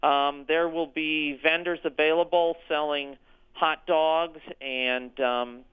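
An orchestra executive director answering radio interview questions, hesitant, with frequent ums and restarts. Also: male voice, on the high side, fairly even intonation, slow, smooth. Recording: tinny phone line.

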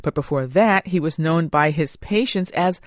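A woman's voice: sits low, moderate pace, dry recording. Radio host woman, dry studio voice. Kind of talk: radio interview and program presentation.

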